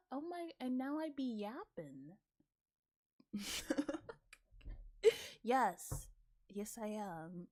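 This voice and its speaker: Slow, giggly young woman streamer. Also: medium pitch, very animated, darkish tone. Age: 20s. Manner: giggly, rambling, swears, lots of "like". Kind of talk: casual reaction chat.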